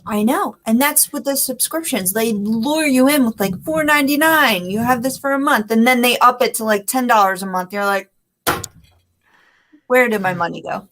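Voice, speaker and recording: A woman co-hosting a live web talk show, relaxed and chatty in casual conversation. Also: on the high side, normal speed, hardly any pauses.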